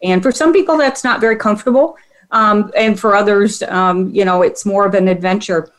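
A woman's voice: mid-range voice, fairly quick. A woman speaking as a panelist in a casual discussion, hesitant and full of ums and you-knows.

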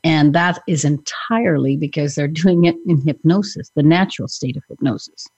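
A woman's voice: low-pitched, moderate pace, a little mellow, slightly rough, no room sound, dull audio. Earnest woman hypnotherapist, dry sound. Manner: earnest, speaks from client experience. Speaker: hypnotherapist and podcast host. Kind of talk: casual podcast chat.

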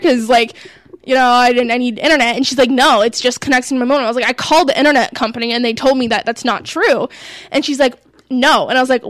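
A young woman co-hosting a talk show, telling a story in a casual, animated way and quoting what people said. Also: a little high, fast talker, dry recording. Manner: animated, quotes herself and others. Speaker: co-host.

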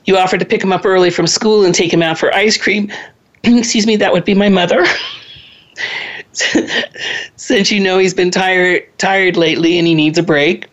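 A woman's voice: fairly low pitch, fairly even intonation, moderate pace, pauses often, lo-fi sound. A woman in her sixties hosting a parenting talk, giving a conversational lecture with chatty asides and personal stories. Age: 60s. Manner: chatty, drifts into personal anecdotes and laughs at herself.

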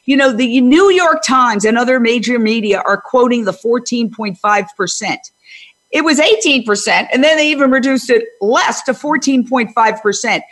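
An older woman hosting a panel discussion, talking loudly and emphatically, often digressing. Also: on the high side, lively intonation, moderate pace. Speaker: host.

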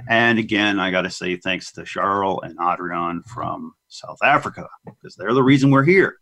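A man's voice: deep voice, moderate pace, sharp tone. A man hosting a radio talk show, welcoming listeners back and putting thoughtful questions to his guests. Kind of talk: interviewing guests.

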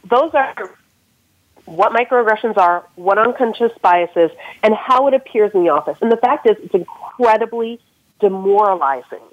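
A woman's voice: on the high side, no echo. Female career coach, earnest, explains in steps; phone-line audio, dry. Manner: earnest, advice-giving, explains step by step. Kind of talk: podcast interview answer.

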